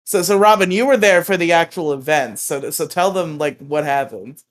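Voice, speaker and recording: A man's voice: fairly high pitch, normal speed. A man co-hosting a podcast, telling rambling stories with laughs and swearing. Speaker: podcast co-host. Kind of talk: casual podcast chat.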